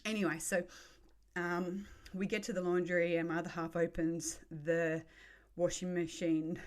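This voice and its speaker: A woman's voice: on the low side, fairly even intonation, moderate pace. A woman, hosting a podcast and telling a story in a frank, sweary way. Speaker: podcast host. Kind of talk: casual storytelling.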